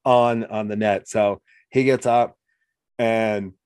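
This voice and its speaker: A man's voice: lowish voice, takes it slowly, smooth, no echo, studio quality. A man talking casually as host, telling stories and acting out what people said. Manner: animated storyteller, acts out quotes. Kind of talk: casual conversation.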